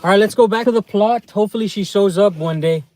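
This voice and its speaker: A man's voice: sits high, fast talker, a little mellow, a little hiss or hum. A man from the United States chatting casually on a live stream while out in a small town, rambling and often ending phrases with "man".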